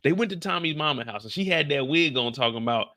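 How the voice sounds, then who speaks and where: On a live stream, a young man with a higher-pitched voice races through a recap of a TV episode, animated and full of profanity as he talks to his chat.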